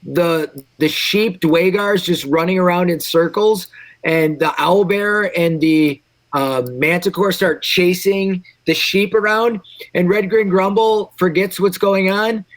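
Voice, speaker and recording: A man's voice: sits high, slow, no room sound. A man playing a tabletop game, narrating his ideas in a playful, jokey way. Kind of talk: casual chat and improvised narration.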